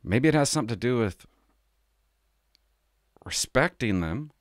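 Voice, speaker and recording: A man's voice: mid-range voice, animated, unhurried, dry recording, clean studio sound. A middle-aged man from Canada, a former police officer, talking casually and confidingly on his podcast, rambling and laughing as he tells stories.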